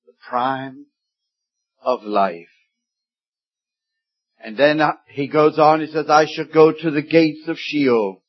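A man in his seventies delivers a sermon at an unhurried pace, his voice sitting slightly high. He stays deliberate and weighty, then rises suddenly into loud emphatic peaks. The recording sounds dull and lo-fi. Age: 70s. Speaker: preacher.

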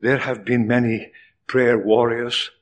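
A man preaching an impassioned sermon, with dramatic pauses, swinging from loud cries to hushed near-whispers. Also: mid-range voice, level tone.

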